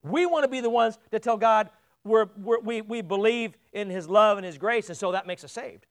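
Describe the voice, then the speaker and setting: Man, very high voice, preacher, conversational sermon, asks the congregation questions, repeats words when pressing a point. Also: normal speed, a bit bright.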